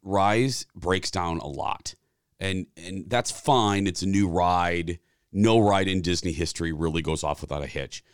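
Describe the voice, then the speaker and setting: A man in his forties co-hosting a podcast, telling a story with animated delivery and acted-out dialogue. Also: sits low, a little slow, clean tone, no room sound, clean studio sound. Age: 40s. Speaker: podcast co-host. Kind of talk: casual chat.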